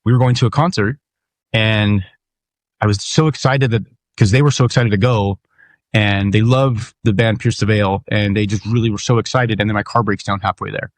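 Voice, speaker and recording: A man in his thirties or forties talks through his own podcast alone in a low voice. He speaks candidly and swears freely, often restarting his sentences. The sound is dry and close, with no room around it. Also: fairly even intonation, moderate pace, no room sound. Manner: candid, profane, rambling with restarts. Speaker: podcast host. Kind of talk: casual solo monologue.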